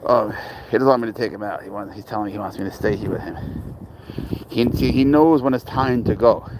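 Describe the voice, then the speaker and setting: A man's voice: fairly low pitch, a little fast, noisy background. A young man chatting casually on a phone livestream, rambling and crude as he answers viewer comments and talks to his cat outdoors.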